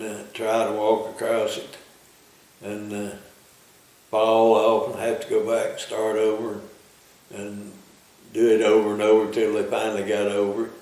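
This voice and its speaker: Flat-voiced man in a very echoey room. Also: fairly low pitch. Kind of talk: interview storytelling. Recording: very echoey room, distant mic.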